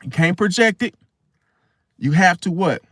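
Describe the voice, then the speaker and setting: A man talking casually to camera as the host of an astrology video, rambling and slangy, restarting his sentences often. His voice sits fairly high for a man. The recording is dry and close, with no room sound. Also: lively intonation, a little slow, sharp tone, no room sound.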